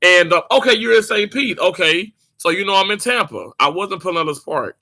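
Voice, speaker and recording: A man chatting casually with viewers on a live stream, animated and talkative, laughing easily and often restarting his sentences. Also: high voice, fairly quick.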